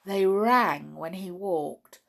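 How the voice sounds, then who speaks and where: A woman reading a children's story aloud at a gentle, unhurried pace. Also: medium pitch, vocal fry.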